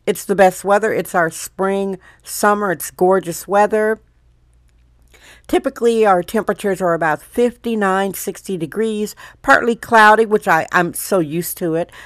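A woman's voice: moderate pace, no echo, clean studio sound. Playful theatrical woman podcaster. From Wisconsin. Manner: theatrical, playful, swoops in pitch. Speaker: podcast host. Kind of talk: casual solo podcast monologue.

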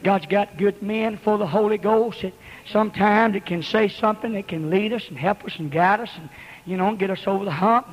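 A man preaching a fiery revival sermon in church, shouting rhythmic repeated exhortations. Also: high voice, fairly quick. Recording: long hall reverb.

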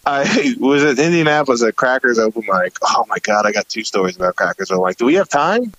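A man, a comedian, telling stories on a podcast, laughing often and breaking into loud, silly shouts when he acts out his anecdotes. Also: mid-range voice, big pitch swings, fast talker, no echo, poor audio. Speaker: comedian guest. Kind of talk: casual podcast storytelling.

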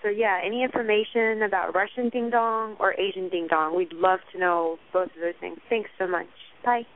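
A woman's voice: mid-range voice, fairly even intonation, moderate pace. A woman caller leaving a cheeky voicemail question for a radio show. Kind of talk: voicemail message. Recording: tinny phone line.

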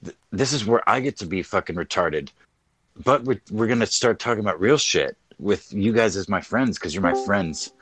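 A man's voice: lowish voice, lively intonation, normal speed, fairly bright tone, slightly rough. A man co-hosting a podcast, talking in a crude, joking, self-mocking casual chat. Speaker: podcast co-host.

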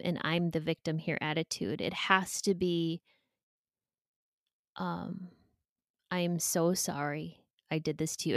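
A woman's voice: fairly low pitch, no echo. Brief: emotional, candid woman in her forties, interview guest, dry close sound. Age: 40s. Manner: emotional and candid, with pauses and restarts. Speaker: podcast guest.

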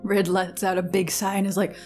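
A woman's voice: mid-range voice, flat delivery, a little fast, a little mellow, faint music behind. A woman describing her character's actions in a tabletop game, casual and light. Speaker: player.

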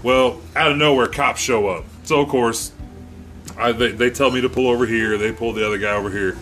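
A man's voice: mid-range voice, brisk, faint music behind. Profane man telling a wild story. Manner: profane, animated, acts out quotes. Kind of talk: casual storytelling.

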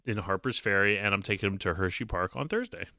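A man's voice: lowish voice, quick pace, creaky, sharp tone, no echo. Easygoing man with dry close sound. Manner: easygoing, chuckles between lines. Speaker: podcast co-host. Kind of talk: casual chat among friends.

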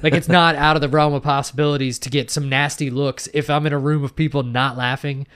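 A man's voice: on the high side, steady tone, quick pace, fairly bright tone, clear, resonant tone. A young man co-hosting a podcast in casual chat, rambling with lots of fillers, restarts and swearing. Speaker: podcast co-host.

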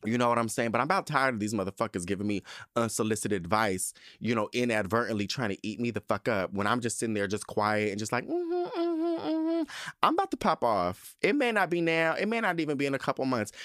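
A man's voice: lowish voice, a bit bright, no echo, clean studio sound. A man hosting a podcast, ranting in a casual, sassy and profane way with lots of emphasis. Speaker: podcast host.

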